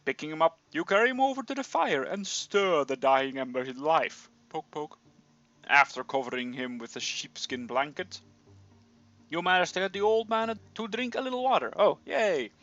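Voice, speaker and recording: A man's voice: a little high, moderate pace. A young man reading a fantasy gamebook aloud, playfully breaking in with joking asides, on a slightly dull recording. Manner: playful, animated, breaks in with jokey comments. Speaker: reader of a gamebook.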